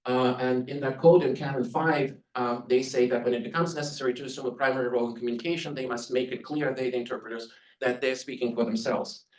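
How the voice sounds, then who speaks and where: A man's voice: medium pitch, steady tone, quick pace. A man born in the Soviet Union giving an earnest conference presentation on interpreting, advising listeners as an instructor. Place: conference room. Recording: roomy sound from a distant mic.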